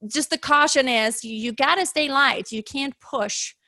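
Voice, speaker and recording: A woman's voice: high-pitched, a little slow, pushed and bright, dry recording. A woman hosting an interview as a vocal coach, explaining technique and giving cautions in an instructive way. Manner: instructive, gives cautions and advice. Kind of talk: interview talk.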